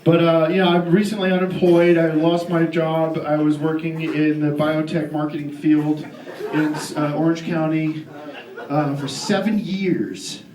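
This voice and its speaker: A man's voice: a little high, level tone, a little slow. Ranting man on a distant live stage. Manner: loud indignant ranting with frequent restarts. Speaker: stand-up comedian. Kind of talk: character stand-up, ranting conservative persona. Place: live comedy venue. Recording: echoey live club recording from far off, crowd laughing.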